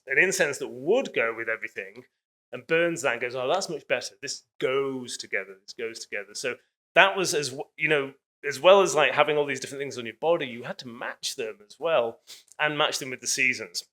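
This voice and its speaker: Casting note: male lecturer, bright tone, loose and digressive delivery with many hedges. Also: mid-range voice, a little fast. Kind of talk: public lecture.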